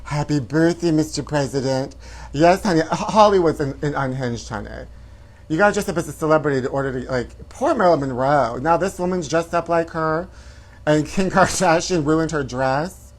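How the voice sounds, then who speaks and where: A campy male comedy show host delivers flamboyant gossip and keeps calling viewers "honey." His voice is a little high and he talks at a moderate pace.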